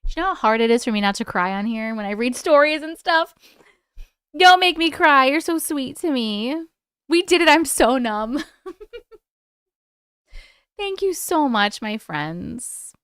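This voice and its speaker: A young woman hosting a casual livestream, chatty and excitable with her viewers and swearing freely. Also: sits high, measured pace, long pauses, smooth, no room sound, studio quality. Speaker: livestream host.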